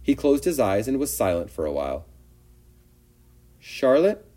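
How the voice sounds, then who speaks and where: A man reading a children's storybook aloud with gentle, expressive narration. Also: lowish voice, fast.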